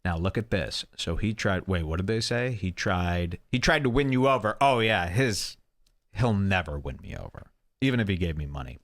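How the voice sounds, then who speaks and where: A man's voice: deep voice, animated, normal speed, a bit bright. A man hosting a podcast, rambling through casual commentary with crude, sarcastic jokes. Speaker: show host.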